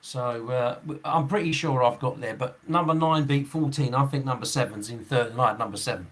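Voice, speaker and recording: A man's voice: mid-range voice, fairly quick, fairly bright tone. A man in his sixties, a football referee hosting a podcast, chatting casually in a rambling way, chuckling often and restarting his sentences. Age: 60s.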